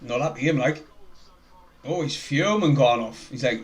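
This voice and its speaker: A young man with a broad North East English accent commentates on a football match live for his viewers. He talks in a loose, chatty way, gets excited about the play and reads out viewers' names. His voice sits at an ordinary, middle pitch. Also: moderate pace. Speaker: fan live-streamer.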